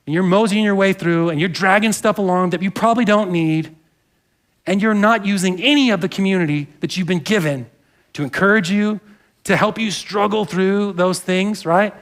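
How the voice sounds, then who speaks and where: A man's voice: high voice, normal speed, fairly bright tone. A man preaching a sermon in a church, earnest and conversational, with asides to the congregation. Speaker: pastor. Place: church sanctuary.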